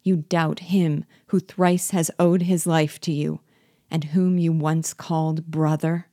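A woman voicing a gentle, loyal man who speaks softly and persuasively, slowly and without anger. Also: low-pitched, flat delivery, no echo, studio quality. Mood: pleading. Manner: soft, persuasive, slow.

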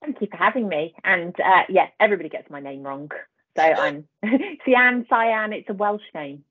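British woman, low voice, husky, reflective, tinny phone-like line. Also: animated, moderate pace. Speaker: podcast guest, NLP coach. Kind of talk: interview storytelling. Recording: tinny phone-like remote call.

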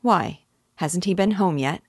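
A woman's voice: lowish voice, a little slow, a little mellow, husky, no echo, clean studio sound. A woman reading aloud and voicing a blunt, gossiping male horse dealer in a chatty, insinuating way.

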